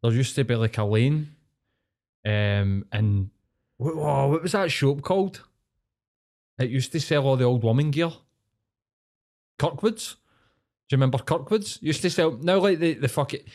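A man's voice: mid-range voice, a little slow, long pauses, darkish tone. Sweary Glaswegian man chatting. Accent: Glaswegian Scottish. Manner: sweary, laughing, broad slang. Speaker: podcast co-host. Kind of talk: casual chat.

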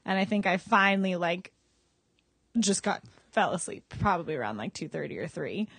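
A woman co-hosting a podcast, telling stories in an animated, chatty way with lots of fillers. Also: lowish voice, moderate pace, vocal fry, slightly rough, dry recording. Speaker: podcast co-host. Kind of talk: casual chat.

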